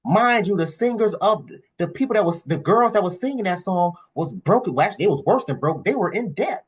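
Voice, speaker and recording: A man with hosting a reaction video, animated and emphatic, laughing and swearing as he comments. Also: high voice, fairly quick, slightly rough.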